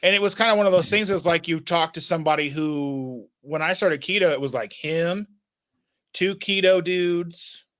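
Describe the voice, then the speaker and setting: A man's voice: fairly high pitch, moderate pace, a bit bright. Rambling man on a chat podcast. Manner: rambling, with many restarts and "like". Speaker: podcast host. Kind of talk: casual chat.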